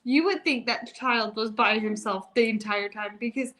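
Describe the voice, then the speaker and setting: A woman's voice: on the high side, normal speed, a bit bright. A woman, a mother and family vlogger, chatting casually with viewers and telling stories with frequent laughs. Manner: chatty storyteller, laughs often. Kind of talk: casual live chat with viewers.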